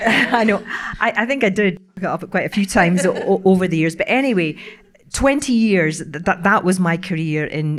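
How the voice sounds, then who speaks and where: A middle-aged woman, a broadcaster on a panel, telling stories in a casual, animated way with frequent laughs and restarts. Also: sits low. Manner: animated storyteller, laughing often, many restarts.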